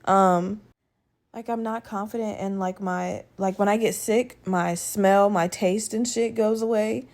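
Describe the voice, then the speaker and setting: A woman's voice: mid-range voice, fairly even intonation, a little slow, a little mellow. Chatty, profane woman podcast host. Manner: rambling, profane, conversational, with many fillers. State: slightly rough voice from a lingering respiratory infection. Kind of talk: casual solo podcast chat.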